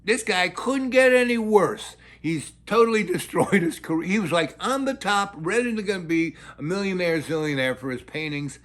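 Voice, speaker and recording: An older man tells a long, rambling story, blunt and crude in his wording and animated in his delivery. His voice sits a little high for a man, and he often slips into acting out what people said. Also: moderate pace, few pauses.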